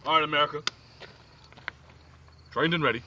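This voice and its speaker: A man telling a rambling joke story in a casual, animated way, often checking in with "right?". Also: a little high, moderate pace, slight background noise. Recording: distant lo-fi phone video with crickets.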